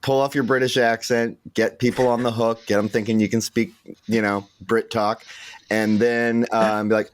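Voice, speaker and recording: A man in casual podcast chat, animated and swearing casually. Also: medium pitch, normal speed, dry recording.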